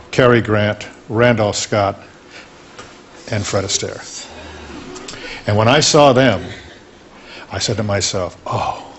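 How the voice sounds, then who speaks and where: An older man, a talk show guest, reminiscing fondly and at an unhurried pace about his past. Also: on the low side, highs cut off, a little hiss or hum.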